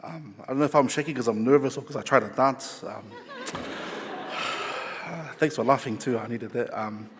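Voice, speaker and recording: A man giving a halting, emotional acceptance speech, choked up and self-deprecating. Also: mid-range voice, husky. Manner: halting, teary, self-deprecating, many ums. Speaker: award recipient, choir director. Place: large awards venue. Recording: long hall reverb.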